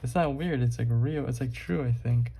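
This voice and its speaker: A man's voice: medium pitch, moderate pace, warm tone. A young man vlogging while he draws, rambling casually with lots of fillers and swearing. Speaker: art vlogger.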